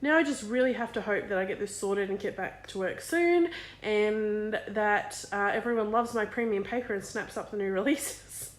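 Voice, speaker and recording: A woman's voice: mid-range voice, moderate pace, echoey room. A woman in her thirties, a small business owner, chatting candidly and emotionally in a casual vlog, swearing freely. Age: 30s.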